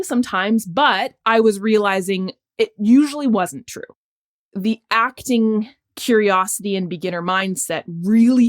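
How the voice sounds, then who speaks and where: Middle-aged woman doctor, relaxed podcast guest, thoughtful and lively when telling stories. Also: medium pitch. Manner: reflective, animated storytelling with laughs. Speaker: podcast guest, sports medicine physician. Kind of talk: casual conversation.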